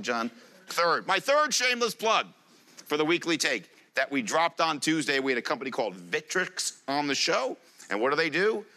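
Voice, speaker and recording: Lively joking man presenting on stage. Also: medium pitch. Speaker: conference speaker. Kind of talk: live presentation to an audience.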